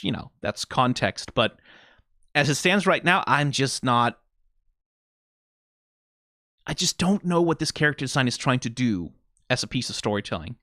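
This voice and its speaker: A man's voice: medium pitch, fairly bright tone, dry recording. Wry Danish man rambling in a dry room. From Denmark. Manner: rambling, wry and self-deprecating. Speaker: video reaction creator. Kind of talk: casual reaction commentary.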